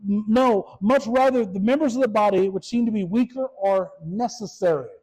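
A man, a pastor, giving a casual, animated sermon, often repeating words and asking his listeners questions. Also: high voice, moderate pace, poor audio. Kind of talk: conversational sermon.

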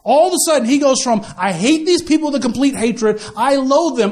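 A man's voice: very high voice, animated, quick pace, hardly any pauses, a little mellow. A man preaching a casual, slangy sermon with lots of asides and quoted voices. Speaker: pastor.

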